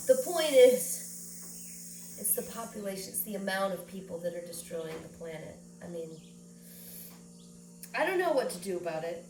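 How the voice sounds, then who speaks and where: Woman vlogger, slow, rambling and teary; roomy, distant recording with faint background noise. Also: medium pitch. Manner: rambling, emotional, close to tears. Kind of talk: personal vlog monologue.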